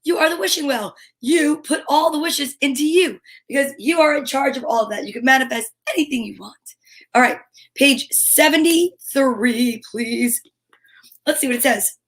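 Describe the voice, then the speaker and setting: A woman's voice: sits high, normal speed. A woman hosting a cheerful live-stream chat for her viewers, bubbly and exclamatory, with gasps and whispers. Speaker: storytime host.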